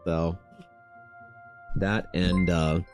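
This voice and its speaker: A man's voice: low-pitched, flat delivery, very slow, faint music behind. A man chatting casually on a stream in a laid-back, slangy, rambling way. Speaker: streaming artist. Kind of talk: casual chat on a livestream.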